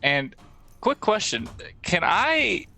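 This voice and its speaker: A man's voice: high-pitched, very animated, takes it slowly, vocal fry, pushed and bright, soft background music. A man playing a tabletop game who asks the game master careful questions about the rules. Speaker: player.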